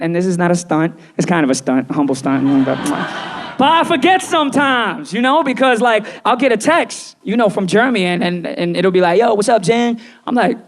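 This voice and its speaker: Performing live stand-up for a small crowd, a man with a high voice is playful and animated, frequently slipping into quoted voices.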